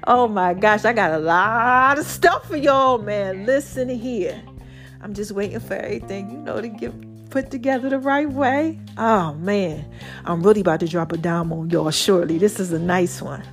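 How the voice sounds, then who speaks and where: On her podcast, a New York woman delivers a casual, animated motivational monologue, drawling and slipping into snatches of song. Her pitch is medium, her pace moderate, with faint music in the background.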